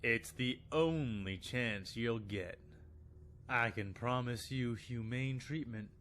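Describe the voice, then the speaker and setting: A man's voice: mid-range voice, takes it slowly, a bit bright, a little hiss or hum, voice pushed down. A man voicing a cocky male Jedi swordsman with a lazy, taunting drawl and an attempted Cajun accent. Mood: calm threat.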